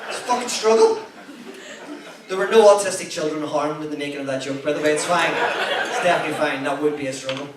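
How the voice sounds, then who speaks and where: A man's voice: a little high, quick pace. A man in his thirties with a Northern Irish accent from Belfast, doing a stand-up set with swearing, self-mockery and crowd work. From Belfast, Northern Ireland. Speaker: stand-up comedian. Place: comedy club stage with a live audience. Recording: echoey venue, heard from a distance, audible noise.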